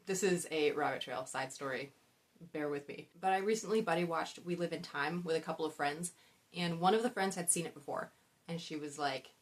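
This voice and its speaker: Chatty young woman, slightly low voice. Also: brisk. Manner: chatty, rambling with side stories and self-aware laughs. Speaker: book vlogger. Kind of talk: casual book-tag chat.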